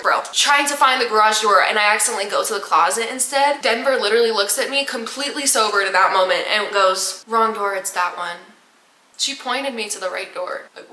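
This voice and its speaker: Young woman vlogging, animated storytelling, cusses a lot, bright voice, echoey room. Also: medium pitch. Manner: animated, swears freely, laughs often. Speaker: vlogger telling her own story. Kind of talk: casual storytelling. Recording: roomy echo.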